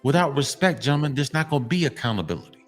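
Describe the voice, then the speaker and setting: A man delivers a blunt, lecturing monologue to men, hammering the same points again and again and swearing freely. His voice sits at an ordinary middle pitch. Faint music plays softly behind him. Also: very animated, quick pace. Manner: emphatic and repetitive, lecturing; profane, blunt. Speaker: commentary channel host.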